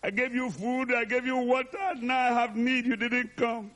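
A man's voice: steady tone, normal speed. A man preaching, voicing a grieving woman with a raised, wailing voice. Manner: high, loud and wailing. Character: grieving woman, pleading and reproachful.

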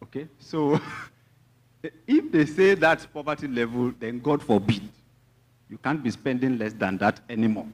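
A man's voice: medium pitch, normal speed. A man with a Nigerian accent, preaching a sermon as pastor, mixing teasing asides to the congregation with emphatic teaching.

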